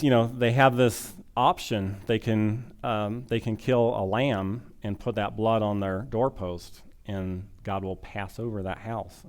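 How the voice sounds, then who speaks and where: A man preaching a sermon, retelling a scripture story in a conversational, animated way and acting out the quotes. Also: on the low side. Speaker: pastor.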